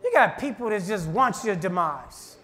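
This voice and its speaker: A man minister preaching a sermon with fervent delivery and shouted repeated refrains. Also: sits high, big pitch swings, normal speed.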